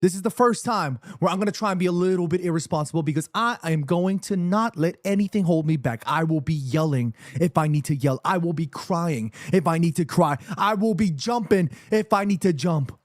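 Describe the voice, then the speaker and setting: Excited guy streaming from his room, kinda high voice, super dry close sound, keeps repeating stuff. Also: brisk, few pauses, no room sound. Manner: excitable, emphatic, repeats himself when nervous. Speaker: streamer hosting a football watchalong. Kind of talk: excited livestream chat. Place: his room in New York City, indoors.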